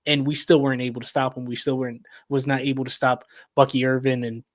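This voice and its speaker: A man's voice: medium pitch, level tone, fast talker, no room sound. A man on a casual sports podcast, easygoing, asking questions and often restarting his sentences. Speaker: podcast co-host.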